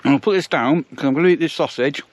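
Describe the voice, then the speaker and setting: A man's voice: fairly high pitch, quick pace, no echo. A man from England chatting casually to camera in a vlog, narrating what he eats at a campsite caravan. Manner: chatty, self-narrating while eating. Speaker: vlogger.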